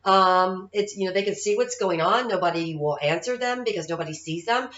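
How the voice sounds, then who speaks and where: A woman's voice: fairly low pitch, fairly quick, fairly bright tone. A middle-aged woman telling a personal story in a chatty way, often checking in with "all right?" and "okay?". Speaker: psychic medium. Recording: slightly muffled, echoey room.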